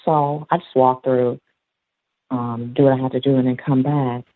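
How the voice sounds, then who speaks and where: A man calling in, telling a story from his school job in a rambling, halting way with many fillers. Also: mid-range voice, little pitch movement, no echo. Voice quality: gravelly, husky. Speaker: caller, school aide. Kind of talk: casual storytelling. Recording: dry, tinny phone line.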